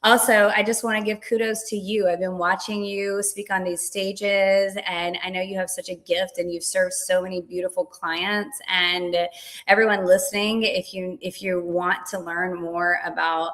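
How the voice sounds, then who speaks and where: A woman coach, a guest on an interview, explaining ideas in a lively, animated way and acting out little voices. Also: on the low side, normal speed. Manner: animated, dramatizes with acted-out voices. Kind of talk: casual interview chat.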